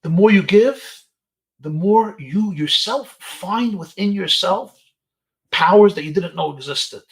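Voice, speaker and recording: A man with a somewhat high voice gives an inspirational talk to teenage boys over a webinar. He speaks as a rabbi, telling stories in an animated way and sprinkling in Yiddish and Hebrew phrases. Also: unhurried. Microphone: webinar video call.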